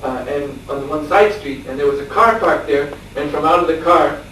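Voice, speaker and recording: A man, a monk lecturer, telling a story in a scripture class, chuckling often and filling his pauses with "uh". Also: a little high, fairly bright tone. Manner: storytelling with chuckles and frequent fillers. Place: lecture room at a farmstead. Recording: echoey room, distant mic, faint hiss.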